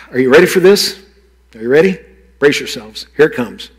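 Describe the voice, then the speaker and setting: A pastor giving a playful children's sermon, teasing and talking straight to the kids. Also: male voice, medium pitch, expressive, moderate pace, husky.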